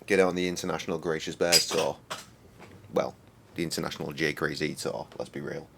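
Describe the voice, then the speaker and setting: A man's voice: very deep voice, fairly even intonation, a little fast, creaky, background noise. A man in his thirties streaming a game, rambling and joking with lots of swearing. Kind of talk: casual game stream commentary.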